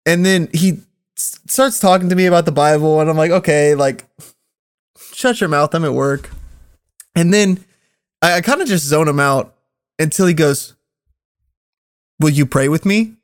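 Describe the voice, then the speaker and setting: High-voiced man telling a wild story. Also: moderate pace, long pauses, clean tone. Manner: animated, swears often, acts out quotes. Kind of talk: casual storytelling among friends.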